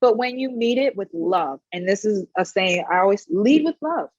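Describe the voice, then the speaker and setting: A woman wellness practitioner giving advice in a panel conversation, telling animated stories and often checking in with "right?". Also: medium pitch, normal speed, dry recording, muffled recording. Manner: animated storyteller, frequent "right?" tag questions.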